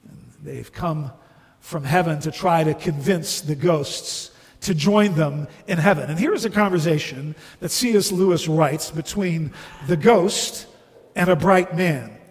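A man's voice: fairly high pitch, a little slow, long reverb tail. A man preaching a sermon as a pastor, earnestly posing rhetorical questions to the congregation.

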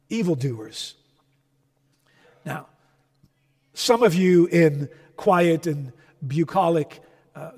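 Male pastor preaching, high voice, goes loud then quiet, long church reverb. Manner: emphatic, swings between loud and soft. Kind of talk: sermon.

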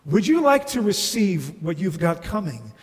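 A man's voice: high-pitched, very animated, moderate pace, long reverb tail. A man preaching a sermon as a pastor, earnestly posing rhetorical questions to the congregation.

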